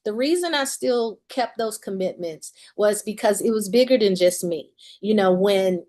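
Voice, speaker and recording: A woman's voice: medium pitch, animated, normal speed, warm tone. A woman in her forties, a musician and author, candidly telling a personal story in an interview and laughing often as she talks.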